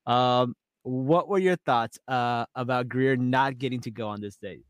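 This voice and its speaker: A man's voice: medium pitch, unhurried, clear, resonant tone, no echo. A man co-hosting a podcast, chatting casually and upbeat about a reality show, often repeating words and laughing along. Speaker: podcast co-host.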